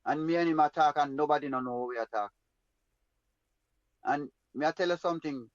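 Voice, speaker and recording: A man's voice: on the high side, fairly quick, no echo, dull audio. A man with a Jamaican accent telling a personal story in an emphatic, rambling way in patois. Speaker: guest storyteller.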